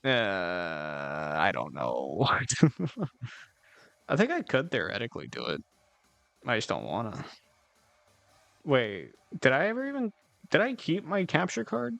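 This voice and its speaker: A man's voice: a little high, huge pitch swings, unhurried, gravelly, long pauses, fairly bright tone, dry recording, soft background music. A man streaming and chatting casually with his viewers, rambling in a laid-back way, swearing now and then and giggling often. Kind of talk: casual chat with live chat.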